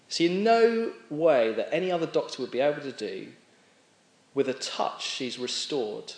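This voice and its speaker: A man's voice: fairly high pitch, expressive. A man preaching a sermon in a conversational way, stopping and restarting as he explains a passage. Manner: conversational, with frequent restarts and pauses. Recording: echoey room.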